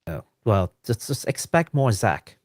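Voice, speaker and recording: A man co-hosting a casual video game podcast, laughing often and chiming in with quick agreement. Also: on the low side, sing-song, no room sound, studio quality. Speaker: podcast co-host.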